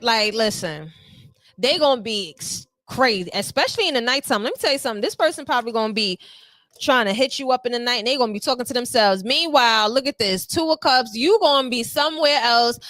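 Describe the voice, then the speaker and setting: Sassy high-voiced woman reading tarot. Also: lively intonation, fairly quick, a bit bright, no room sound, studio quality. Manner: sassy, slangy and playful, acting out little quoted voices. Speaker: tarot reader.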